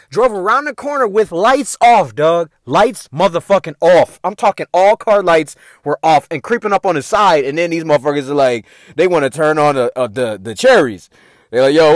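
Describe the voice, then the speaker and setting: A man's voice: high voice, no room sound, clean studio sound. A young man from the hosting his own show, telling a profane, laughing story in a casual monologue. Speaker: podcast host.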